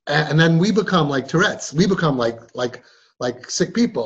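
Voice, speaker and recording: A man's voice: fairly high pitch, expressive, moderate pace, fairly bright tone, slightly rough, dull audio. A man hosting a parenting podcast, telling a story with drama and acting out the quoted voices. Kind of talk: animated storytelling to an audience.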